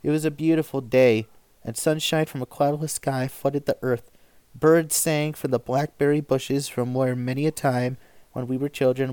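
A man of middle pitch reads old stories aloud in a measured, even way. His voice is close and dry, with no room around it. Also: clear, resonant tone, dry recording. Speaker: story reader.

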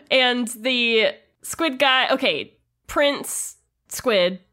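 A woman's voice: on the high side, animated, drawn-out words, pushed and bright. A woman co-hosting a podcast in casual chat, laughing often and steering the discussion. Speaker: podcast co-host.

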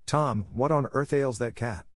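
A man's voice: mid-range voice, unhurried, no room sound, studio quality, voice pushed up, close to an everyday voice. A man voicing a fussy older aunt who scolds and grows exasperated with a boy. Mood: scolding.

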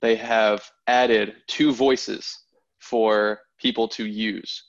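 A man's voice: fairly low pitch, little pitch movement, very slow, muffled recording. A young man hosting a casual podcast, steering the talk and explaining things at length. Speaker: podcast host. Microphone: video call.

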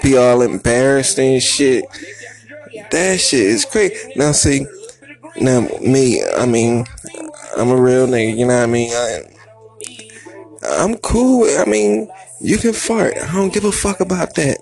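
Gravelly man telling a rambling comic story. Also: medium pitch, expressive, a little slow, pauses often, a little mellow. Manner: rambling, repetitive, swearing, frequent "you know what I mean". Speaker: comedian.

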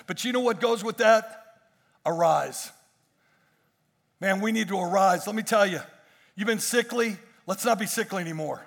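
High-voiced, gravelly preaching pastor. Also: male voice, normal speed, pauses often. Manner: emphatic preaching with repeated phrases. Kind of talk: sermon.

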